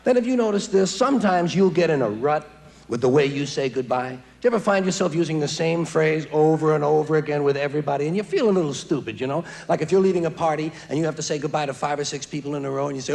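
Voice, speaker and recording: A sardonic man in his forties delivers stand-up on a theater stage, his voice pitched a little high. He is heard through a stage mic in a live recording, with clear audience noise behind him. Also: expressive, fairly quick, a little mellow. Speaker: stand-up comedian. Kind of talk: stand-up comedy routine.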